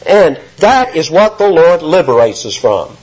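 A man's voice: on the high side, sing-song, a little slow, darkish tone. A man preaching an expository sermon, emphatic and rising sharply when he quotes. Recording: muffled lo-fi sermon recording.

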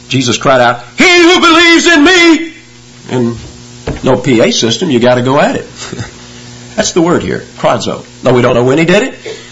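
A man preaching a sermon, explaining scripture verse by verse and rising in pitch and force on key words. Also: fairly bright tone, a little hiss or hum, rough recording. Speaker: pastor.

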